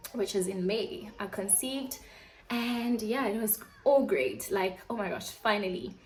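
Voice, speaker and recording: A woman's voice: medium pitch, poor audio. A young woman vlogger telling a candid personal storytime, chatty and open, acting out her own past reactions in quoted asides.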